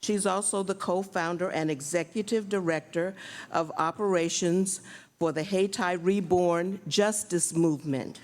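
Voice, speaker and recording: A woman's voice: fairly low pitch, steady tone. A woman hosting a community event, reading a formal introduction of the next performer. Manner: measured, formal announcing. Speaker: event host.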